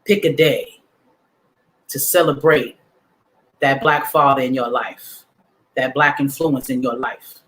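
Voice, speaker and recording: A male livestream host gives his audience a motivational talk in casual slang, repeating affirmations with emphasis like a preacher. His voice is medium in pitch with little pitch movement and a fairly bright tone. He speaks slowly, with long pauses.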